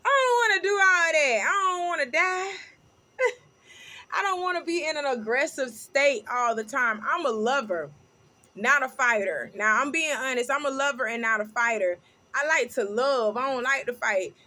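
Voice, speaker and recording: A middle-aged woman hosting a casual commentary vlog, talking loudly and animatedly, laughing often. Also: sits high, moderate pace. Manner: loud, laughing, animated storytelling with sung snippets. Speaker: host.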